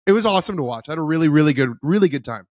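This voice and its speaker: A man co-hosting a golf podcast, recounting an event quickly and enthusiastically in casual chat. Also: on the high side, lively intonation, a little mellow, no echo, studio quality. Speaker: podcast co-host.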